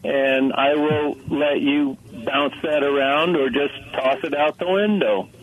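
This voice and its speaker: A man's voice: fairly high pitch, slow pace. A man calling in to a radio show, asking his question hesitantly with many fillers, heard over a tinny phone line. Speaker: caller.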